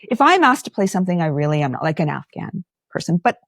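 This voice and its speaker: Animated woman guest telling stories. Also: lowish voice, quick pace, no room sound, studio quality. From Lebanon. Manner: animated storyteller, acts out quotes. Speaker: actor and playwright guest. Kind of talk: podcast interview.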